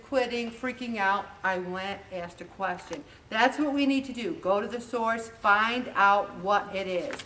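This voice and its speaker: A woman leading a group meeting, telling stories in a chatty, animated way. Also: fairly high pitch, slight background noise. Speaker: group leader giving a talk. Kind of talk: motivational talk to a group. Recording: echoey room, voice from a distance.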